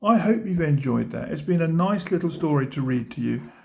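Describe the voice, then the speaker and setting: A man reading a children's storybook aloud, gently pointing out the pictures to his listeners. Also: on the high side, expressive, fairly quick, gravelly. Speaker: storybook reader.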